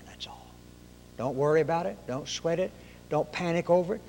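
A man's voice: a little high, fairly quick, long pauses, a little mellow. A middle-aged man preaching a sermon in a folksy, emphatic way, asking rhetorical questions. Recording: long hall reverb.

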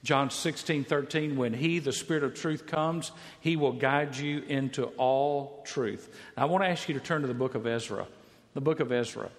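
A man's voice: mid-range voice, moderate pace. A man preaching a sermon, emphatic, repeating key phrases for stress. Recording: long reverb of a large hall.

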